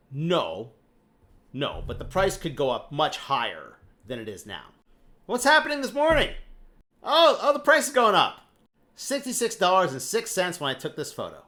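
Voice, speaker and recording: A man giving a casual, blunt explainer monologue on finance, animated and occasionally swearing. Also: medium pitch. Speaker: finance commentator.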